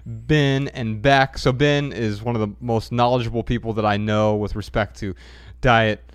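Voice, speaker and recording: A man hosting a podcast in casual chat, explaining ideas in a measured way. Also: medium pitch, steady tone, smooth, dry recording. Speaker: podcast host.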